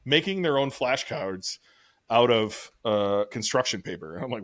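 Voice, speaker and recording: A man's voice: mid-range voice, lively intonation, a bit bright, no echo. A middle-aged man co-hosting a podcast, telling rambling stories in casual chat with frequent swearing. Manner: fast, rambling, profane storytelling. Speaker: podcast co-host.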